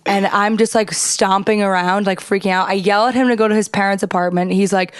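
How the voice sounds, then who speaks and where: A young woman co-hosting a podcast, telling a story in casual chat and acting out her own past lines in high, shrill bursts. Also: fairly even intonation, a little fast, smooth, dry recording, studio quality. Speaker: podcast co-host.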